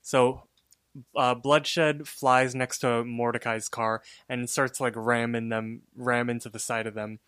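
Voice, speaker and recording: A man's voice: mid-range voice, little pitch movement, unhurried, a bit bright, clear, resonant tone, no echo, studio quality. A man co-hosting a podcast in casual chat, laid-back and a little hesitant, with fillers. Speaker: podcast co-host.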